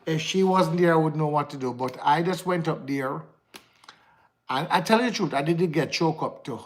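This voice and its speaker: A man with a Jamaican accent chatting casually to viewers on his livestream, rambling and slipping into patois. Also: medium pitch. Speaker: livestream host. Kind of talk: casual live chat to viewers.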